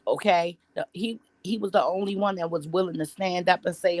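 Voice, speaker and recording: A woman's voice: on the low side, fairly even intonation, brisk, hardly any pauses, no room sound. A woman vlogger telling a story in casual commentary, blunt and profane, rambling with restarts and asides. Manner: profane, blunt and heavy on slang.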